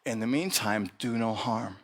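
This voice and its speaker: A man voicing a calm, wise male monk who gives gentle, earnest teachings while telling a parable in a sermon. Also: medium pitch, unhurried. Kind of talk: storytelling sermon.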